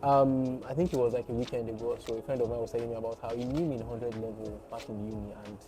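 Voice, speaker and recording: A man's voice: mid-range voice, level tone, fast, noisy background. A young Nigerian man with a Nigerian accent, a content creator and voiceover artist chatting casually in an interview, laughing and joking at his own expense. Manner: laughing, playful, self-deprecating.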